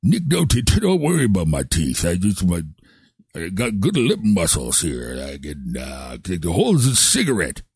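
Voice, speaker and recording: A man's voice: sits low, wildly swooping pitch, moderate pace, a little mellow, breathy edge, dry recording, clean studio sound, voice pushed down, heavily acted. A man putting on a toothless smoker buddy. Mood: sleazy friendly. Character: toothless chain-smoking buddy, gross and friendly.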